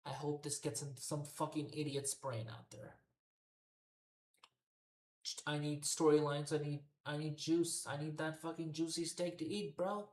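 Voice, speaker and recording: A man's voice: fairly high pitch, fairly even intonation, normal speed, hardly any pauses, darkish tone, slight background noise. A man hosting a wrestling commentary show, ranting in an exasperated way and swearing constantly. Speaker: wrestling podcast host. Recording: echoey roomy recording.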